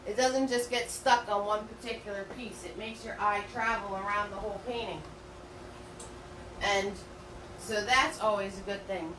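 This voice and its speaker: Heard from a distance in a roomy room with a faint hum, a middle-aged woman teaches a live painting class. She rambles chattily with fillers and restarts, in a mid-range voice with fairly even intonation and moderate pace.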